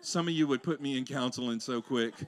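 A man preaching a sermon to a congregation in a church, swinging between loud exclamations and hushed intensity, with playful asides to the crowd. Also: mid-range voice, fairly quick. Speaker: pastor. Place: church sanctuary before a congregation.

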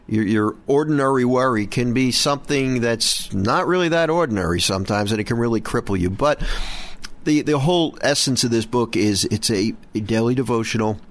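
A middle-aged man hosting a Catholic radio program, talking earnestly with frequent restarts and repeated words. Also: medium pitch. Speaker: host of a Catholic radio show. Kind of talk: prayer and casual show talk.

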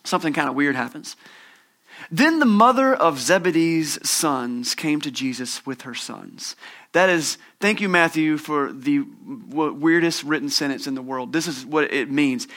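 A man preaching a sermon with a bright, forceful voice that sits a little higher than most men's. He talks in a loose, conversational way and slips easily into humor and animated stories. He sounds middle-aged. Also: measured pace. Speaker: pastor.

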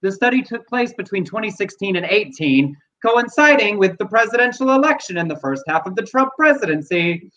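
A man's voice: high-pitched, animated, fairly quick, hardly any pauses, bright, forceful tone, lo-fi sound. A man co-hosting a talk show, reading out listener comments and chatting frankly with some swearing. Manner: frank and profane, reads out quotes. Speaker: co-host.

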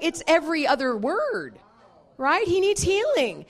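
A woman minister preaching a sermon, telling a personal story in an animated way and laughing often. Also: very high voice, unhurried.

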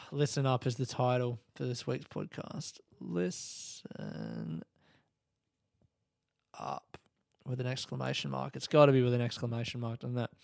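Fast and creaky, this man's mid-range, slightly mellow voice has little pitch movement and few pauses, with clean studio sound and no room echo. He hosts a podcast, telling a casual story while swearing a lot, laughing, and imitating voices as he quotes others.

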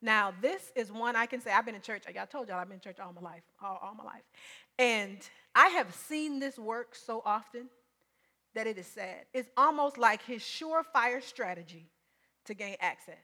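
A woman's voice: a little high, animated, normal speed, sharp tone. A woman preacher giving a sermon in an emphatic, conversational way, often repeating her points.

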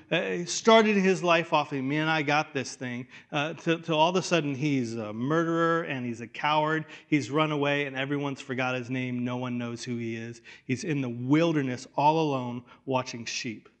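A man preaching a sermon in a conversational way, restarting phrases and dropping to a hush for weight. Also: on the high side. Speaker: pastor.

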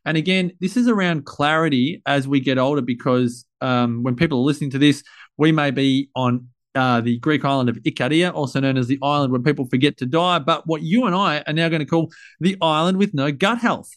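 Chatty man hosting, higher voice. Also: fairly quick, dry recording, studio quality. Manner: chatty, rambling, playful, full of fillers. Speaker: podcast host. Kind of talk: casual conversational interview.

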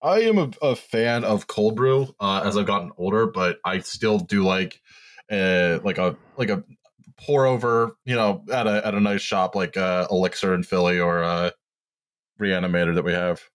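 A man's voice: low-pitched, moderate pace. A man in his thirties co-hosting a podcast, trading profane, sardonic banter in casual chat. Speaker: podcast co-host.

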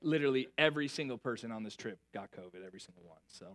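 A young adult man preaching a sermon, telling a self-mocking story with lively, animated delivery before reading scripture. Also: medium pitch, racing. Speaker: pastor.

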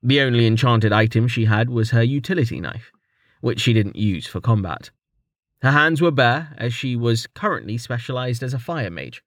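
A man reading a fantasy novel aloud as audiobook narrator, in lively storytelling narration. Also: medium pitch, normal speed, dry recording, studio quality. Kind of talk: scripted narration.

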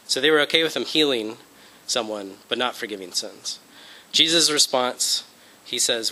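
Bright-voiced man teaching a Bible lesson. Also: medium pitch, animated, moderate pace, poor audio. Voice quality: conversational, frequent fillers and check-ins. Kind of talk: informal lecture presentation.

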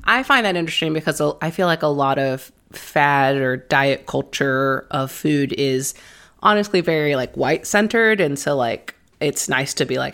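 A woman's voice: low-pitched, lively intonation, moderate pace, fairly bright tone. A woman co-hosting a casual podcast chat, swearing freely, saying "like" a lot and laughing often. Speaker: podcast co-host.

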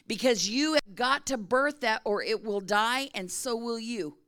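A middle-aged woman pastor preaches in a chatty, storytelling manner. She keeps pausing to check in with her listeners, asking if they follow. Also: a little high, a bit bright. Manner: conversational storytelling with frequent check-ins to the congregation. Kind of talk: sermon.

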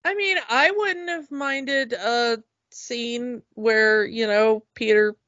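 A woman chatting casually and enthusiastically on a podcast, often halting with fillers and restarts. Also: fairly high pitch, a bit bright, no room sound. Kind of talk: casual chat. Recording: dull, lo-fi dry recording.

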